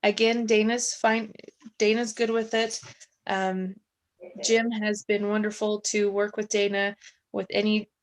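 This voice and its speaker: A woman's voice: mid-range voice, level tone, unhurried, low-quality recording. A woman city staffer at home, presenting a subdivision plan to a council over a video call, chatty and apologetic with many fillers, losing her voice.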